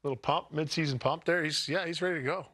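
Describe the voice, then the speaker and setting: A man's voice: a little high, steady tone, fast talker, fairly bright tone, no echo. A man giving hockey analysis on a talk show, joking and emphatic, often leaning on "listen" to make his point. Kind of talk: casual sports talk show banter.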